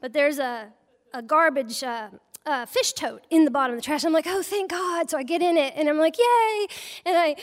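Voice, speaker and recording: High-voiced woman telling a funny story. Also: a little fast, big-room sound. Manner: humorous, self-mocking, animated. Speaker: storyteller, wildlife biologist. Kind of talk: live personal storytelling.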